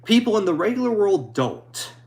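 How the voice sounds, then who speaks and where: A man streaming and answering viewer comments in a halting, hesitant way, apologetic and a little anxious. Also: high-pitched, very animated, darkish tone. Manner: halting, hesitant, with many restarts; apologetic and modest. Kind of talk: casual live chat.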